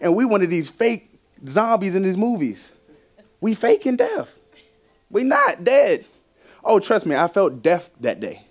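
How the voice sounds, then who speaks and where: A young man preaching a sermon with a personal testimony, animated, laughing often and shifting from loud to hushed. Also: a little high.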